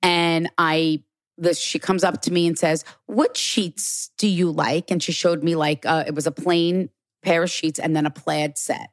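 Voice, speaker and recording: A woman's voice: sits low, level tone, moderate pace, dry recording, studio quality. A middle-aged woman working as a medium, telling stories in a casual podcast conversation. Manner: storytelling, relays messages from the dead. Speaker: guest, medium.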